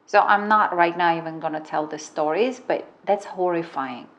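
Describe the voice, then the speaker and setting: A woman's voice: fairly low pitch, moderate pace, fairly bright tone, dull audio. A middle-aged woman, not a native English speaker, telling a dramatic personal story as a relationship coach and swearing freely. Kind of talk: storytelling talk.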